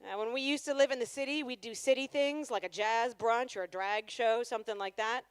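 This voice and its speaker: A woman's voice: on the high side, a little fast, clean tone, no room sound. A woman performing a live stand-up comedy set on stage, chatty and sarcastic, teasing the crowd.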